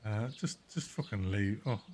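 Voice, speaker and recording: A man's voice: on the low side, normal speed, darkish tone, a little hiss or hum. A male streamer giving crude, joking gameplay commentary full of swearing. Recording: stream with faint game music behind.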